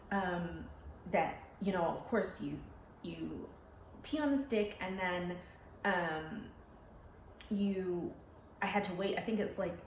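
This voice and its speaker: A young adult woman telling a personal story in a lively, animated way. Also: lowish voice, a little hiss or hum. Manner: animated, laughing, acting out quoted voices. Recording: roomy echo with faint ambience.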